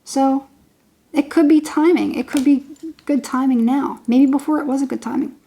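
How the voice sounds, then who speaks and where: A woman's voice: high voice, steady tone, normal speed, warm tone. A woman giving a casual tarot reading to her viewers, chatty and rambling, repeating herself and laughing often. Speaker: tarot reader.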